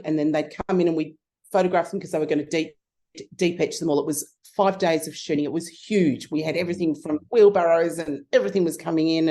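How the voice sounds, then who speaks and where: Lively Australian woman telling stories. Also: lowish voice. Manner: lively, animated anecdote telling with frequent restarts. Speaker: guest, photography consultant. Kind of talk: casual storytelling interview.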